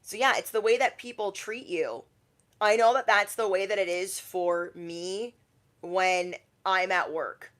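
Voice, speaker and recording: A woman's voice: mid-range voice, measured pace, a bit bright. Chatty woman doing a tarot livestream. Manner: chatty, acts out quotes in shifting voices. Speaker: tarot reader. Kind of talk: casual livestream reading.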